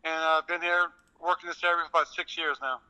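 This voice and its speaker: A man from Louisiana with a South Louisiana accent answers as a guest on the radio, his voice pitched high and cutting bright. He speaks politely and unhurriedly, filling gaps with soft pauses. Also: smooth, low-quality recording. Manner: polite, relaxed, many filler pauses. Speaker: guest, contractor. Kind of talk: phone interview.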